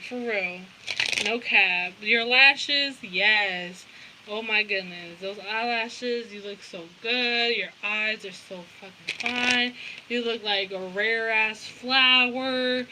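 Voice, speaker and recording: A woman's voice: a little high, bright, forceful tone, slight background noise, rough recording. A young woman giving a casual tarot reading, blunt and profane, with lots of slang. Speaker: tarot reader.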